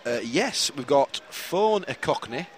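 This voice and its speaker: Male co-host, animated bouncy pitch, teasing banter, faint street noise. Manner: teasing, quick-witted banter. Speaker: podcast co-host. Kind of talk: casual chat.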